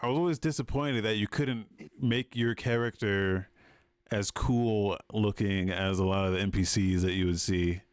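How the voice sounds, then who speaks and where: A man's voice: fairly low pitch, fairly even intonation, normal speed, smooth, no echo, clean studio sound. A man co-hosting a gaming podcast, giving brief reactions and reading out the chat. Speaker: podcast co-host.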